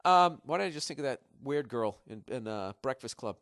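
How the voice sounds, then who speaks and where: Male comedian, podcast rant, profane and animated, average pitch, dry studio sound. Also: fairly quick, clean tone, no room sound. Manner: profane, animated, building to loud outbursts.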